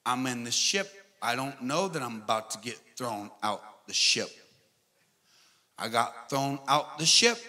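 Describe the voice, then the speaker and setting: A man preaching a sermon as pastor, animated and swinging between loud and soft delivery. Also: medium pitch, unhurried. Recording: long hall reverb with faint music.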